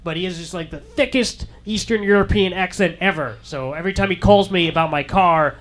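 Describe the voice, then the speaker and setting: Bright high-voiced male stand-up comedian. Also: a little fast. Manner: deadpan storytelling that acts out quoted voices.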